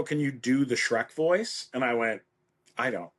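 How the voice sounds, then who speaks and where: A middle-aged man telling a story as a podcast guest, acting out the people he quotes with lively voices. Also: mid-range voice, a little slow, husky. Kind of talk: casual anecdote.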